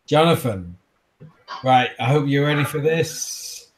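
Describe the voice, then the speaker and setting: A man's voice: mid-range voice, expressive, a little slow, slight background noise, lightly acted. A man voicing a reckless, flippant male vampire driver who mocks his passengers. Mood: brash. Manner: mocking, flippant, calls people darling.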